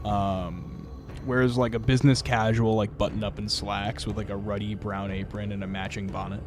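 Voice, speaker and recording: A man's voice: fairly low pitch, flat delivery, moderate pace. A man running a tabletop game as game master, narrating in a rambling way with many fillers, over background music.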